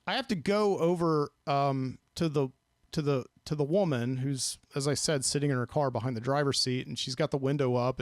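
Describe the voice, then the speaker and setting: A man's voice: mid-range voice, no echo, studio quality. A man hosting a podcast, telling a late-night story in a rambling, self-deprecating way and acting out the people he quotes. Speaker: podcast host. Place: studio.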